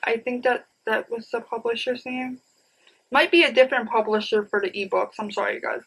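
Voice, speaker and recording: A woman's voice: on the high side, animated, brisk, fairly bright tone, slight background noise, poor audio. A woman in her thirties chatting casually to viewers about her new books, rambling and enthusiastic, often saying "you guys.". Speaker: book vlogger. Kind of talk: casual book haul chat.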